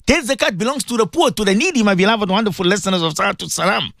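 A man's voice: high voice, rapid-fire, creaky, a bit bright, no echo, clean studio sound. A South African man presenting a religious radio show, preaching fervently to his listeners and repeating his points. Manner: fervent, repetitive, exhorting. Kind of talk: impassioned radio sermon.

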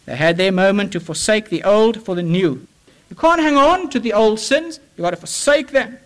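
A man preaching an evangelistic sermon, impassioned and repetitive, swinging from raised urgency down to hushed, low phrases. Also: lively intonation, normal speed, rough recording. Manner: impassioned, with repeated rhetorical appeals.

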